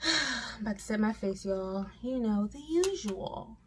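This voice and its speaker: A woman's voice: on the high side, expressive, a little slow, heavy background noise. A young woman chatting casually through a makeup tutorial at home, self-mocking and swearing now and then. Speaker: beauty vlogger. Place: home room with mirror and lights. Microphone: camera mic.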